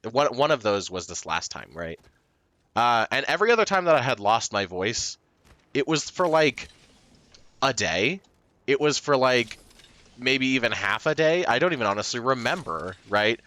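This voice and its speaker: A man's voice: medium pitch, very animated, normal speed, pushed and bright, dry recording. A man chatting casually to his stream viewers, rambling and self-deprecating, with plenty of fillers, restarts and short laughs.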